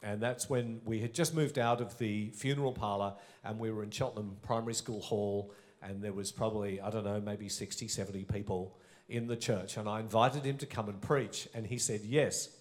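An Australian man in middle age speaks in a somewhat low voice. He is a pastor looking back earnestly, his stories reflective and unhurried in manner. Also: fairly even intonation. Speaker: senior pastor. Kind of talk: reminiscing in an onstage interview.

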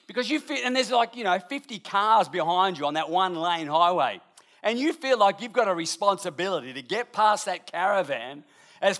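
A middle-aged man, telling a lively, chatty anecdote to an audience with asides along the way. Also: high-pitched. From Australia. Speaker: storyteller.

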